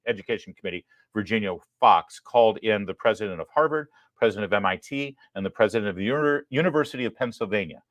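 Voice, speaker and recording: A man's voice: on the low side, a bit bright, dry recording, clean studio sound. Sarcastic male political show host. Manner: sarcastic, emphatic, apologetic asides. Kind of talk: live political commentary.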